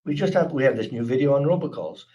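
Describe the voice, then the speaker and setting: Irish guy from the east coast pitching his program on a webinar, lots of restarts and ums. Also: expressive, quick pace, warm tone, dull audio. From Ireland. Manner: earnest, chatty, with frequent restarts and fillers. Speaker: speaker presenting a security awareness program. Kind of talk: webinar talk with audience questions.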